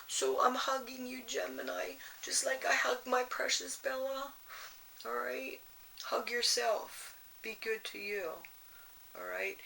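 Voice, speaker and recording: A woman's voice: high-pitched, gravelly, pushed and bright, a little hiss or hum, low-quality recording. A woman giving a casual astrology and tarot reading, rambling with lots of "you know" and restarts in a motherly, advice-giving way. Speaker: tarot reader.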